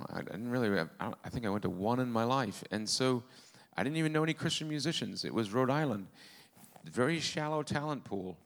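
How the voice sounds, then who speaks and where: Earnest man telling his testimony. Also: medium pitch. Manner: earnest storytelling with self-deprecating humor. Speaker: preacher. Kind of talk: testimony sermon.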